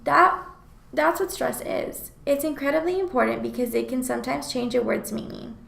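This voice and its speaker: A woman's voice: high-pitched, moderate pace, vocal fry, reverberant, rough recording. A woman reading aloud a scripted class presentation in an explanatory tone. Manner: reads aloud in an explanatory, even tone. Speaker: student presenter.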